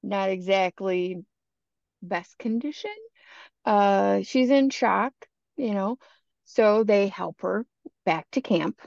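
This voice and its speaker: A woman's voice: medium pitch, takes it slowly, creaky, long pauses, darkish tone, no echo. A woman hosting a podcast and telling a creepy story in a chatty, casual way, full of "you know" asides. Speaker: podcast host. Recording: dull lo-fi dry podcast recording.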